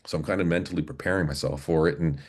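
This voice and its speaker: A man in his forties, a podcast guest and former police officer, telling his story in an earnest, halting way with many restarts. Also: extremely low pitch, steady tone, a little mellow. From Canada, Alberta. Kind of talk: casual storytelling interview.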